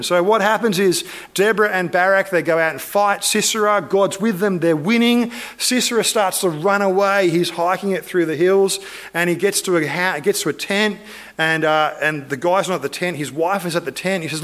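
A man gives a sermon, telling an old story with animated energy and quick asides. His voice sits high and light, and he drops into little character voices as he goes. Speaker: preacher.

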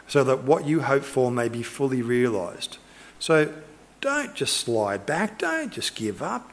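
A man's voice: fairly high pitch, a bit bright. Earnest, emphatic man preaching a sermon. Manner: earnest, emphatic, repeats short exhortations. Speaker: pastor.

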